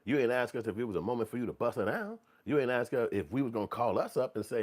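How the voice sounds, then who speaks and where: A man's voice: medium pitch, fast talker, few pauses. A man hosting a commentary show, ranting bluntly and profanely and mocking people in put-on voices. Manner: blunt, animated, swings into mocking quoted voices.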